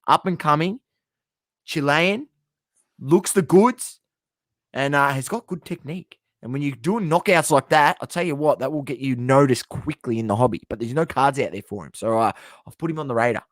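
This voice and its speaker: A man's voice: medium pitch, fairly quick, a bit bright, dry recording. A man co-hosting a casual sports podcast, recapping fight cards with energy and stumbling over hard names. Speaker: podcast co-host.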